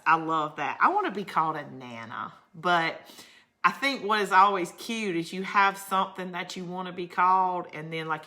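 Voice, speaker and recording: A woman's voice: low-pitched, pushed and bright. A middle-aged woman with a Georgia Southern accent, hosting a crafting livestream in casual chat, rambling through family stories and laughing often. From Georgia, USA. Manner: chatty, rambling storyteller who laughs often. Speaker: crafting channel host. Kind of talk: casual livestream chat, reading viewer comments.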